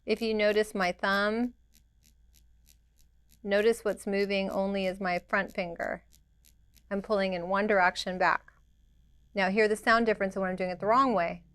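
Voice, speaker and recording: A woman's voice: mid-range voice, flat delivery, normal speed, long pauses, a bit bright, clean tone, dry recording. A woman teaching a hands-on permanent makeup lesson, practical and direct, imitating the machine's rhythm with little sounds. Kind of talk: hands-on demonstration.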